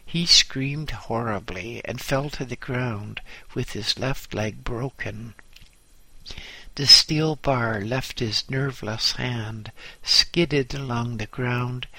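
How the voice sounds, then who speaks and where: A man narrating a first-person memoir audiobook in a measured, deliberate storytelling manner. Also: medium pitch, sharp tone, no room sound, rough recording.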